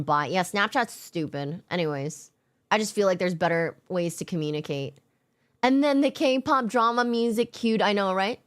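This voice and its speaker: A young adult woman streamer telling a story in casual chat, animated, self-mocking and swearing a lot. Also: medium pitch.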